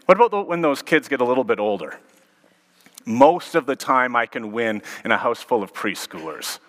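A man's voice: medium pitch, expressive, moderate pace, fairly bright tone. A man in his thirties, a pastor giving a sermon, telling stories and acting out quotes. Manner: storytelling with acted-out quotes. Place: church sanctuary. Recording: long reverb of a large hall.

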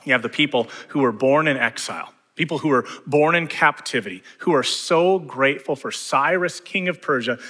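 A male pastor preaches with a bright, forceful tone. He swells to fervent emphasis and then sinks to near-hushed phrases. His voice carries a long reverb, as if he is in a large hall. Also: on the high side. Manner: builds to fervent emphasis, drops to hushed lines. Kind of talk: sermon.

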